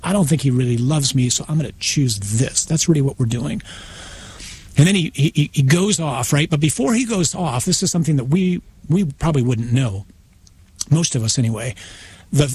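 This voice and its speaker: A man, a priest guest on a radio interview, retelling a story in a conversational, animated way. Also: a little high, normal speed, slight background noise. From United States. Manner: conversational, acts out voices in his retelling, frequent restarts.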